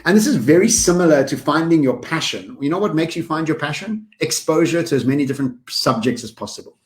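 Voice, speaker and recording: A man co-hosting a podcast in casual conversation, energetic and given to quick lists. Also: a little high. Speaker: podcast co-host.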